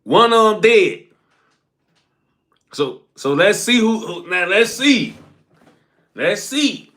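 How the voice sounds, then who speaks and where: A young man on a casual live stream, reading viewer comments aloud and ending phrases with a low trailing "folks.". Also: lively intonation, a little slow, a bit bright.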